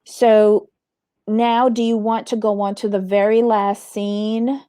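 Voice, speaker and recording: A woman hosts a casual commentary show about reality TV, and she talks bluntly and with plenty of energy. Her pitch sits in the middle, and her voice sounds close and dry with almost no room sound. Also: takes it slowly, clear, resonant tone, no echo. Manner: animated, blunt, swears, acts out quotes.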